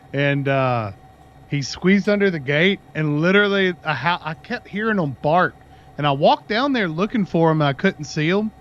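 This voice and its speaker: A man's voice: on the high side, lively intonation, unhurried, muffled recording. A man chatting casually on his livestream, telling a long rambling story and talking to his dog in between. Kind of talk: casual chat with stream viewers.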